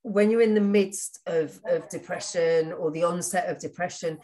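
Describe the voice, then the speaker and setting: A woman's voice: on the low side, normal speed, warm tone. A woman interviewing a guest, empathetic and sharing her own experience. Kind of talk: conversational interview.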